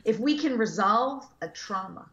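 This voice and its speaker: A woman guest talking as an animal communicator, telling stories in a rambling, animated way with many fillers and restarts. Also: on the high side, unhurried, highs cut off. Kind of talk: casual storytelling interview.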